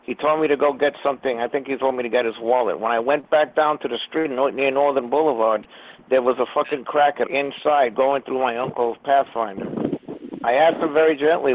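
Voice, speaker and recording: A man's voice: medium pitch, a little fast. Man ranting profanely over phone line. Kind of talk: profane call-in banter.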